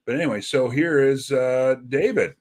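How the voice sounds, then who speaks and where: A man hosting a casual livestream over a video call. His voice sits at an ordinary pitch, and he rambles easily with lots of fillers. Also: moderate pace. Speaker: livestream host.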